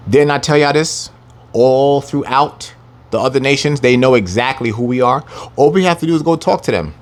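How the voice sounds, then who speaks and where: A man teaching a scripture lesson, reading the verses slowly with heavy emphasis and taunting his listeners in brash, profane language. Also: mid-range voice, lively intonation.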